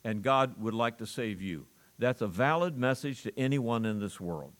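A man's voice: mid-range voice, animated, normal speed. A man preaching an earnest sermon, stressing repeated phrases and now and then chuckling as he speaks. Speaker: pastor.

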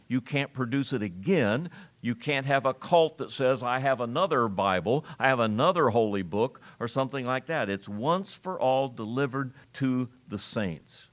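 Emphatic preacher stressing words slowly. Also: male voice, medium pitch, fairly bright tone. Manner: emphatic, slows down to stress key phrases; reads scripture aloud in old-fashioned wording. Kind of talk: expository sermon.

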